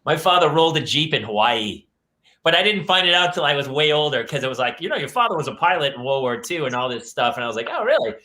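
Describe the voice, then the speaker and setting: A middle-aged man hosting a casual chat, telling animated stories and doing his father's voice. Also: a little high, quick pace. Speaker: host.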